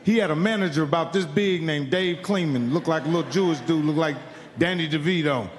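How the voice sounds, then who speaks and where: A man's voice: on the high side, a little fast, in a large hall, crowd noise. A man from Indiana doing stand-up, telling a profane story and acting out the other people in it. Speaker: stand-up comedian. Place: live comedy venue.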